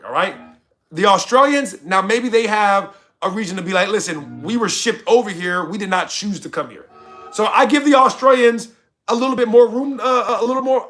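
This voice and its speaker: Male streamer, high-pitched, heated and sarcastic rant, soft music bed. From United States. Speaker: streamer answering chat. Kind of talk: livestream rant.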